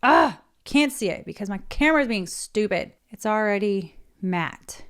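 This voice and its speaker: Smooth-voiced woman chatting through her nails. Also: medium pitch, lively intonation, measured pace, fairly bright tone. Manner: chatty, self-narrating while painting nails. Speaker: beauty vlogger. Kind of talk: casual tutorial chat. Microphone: desk mic.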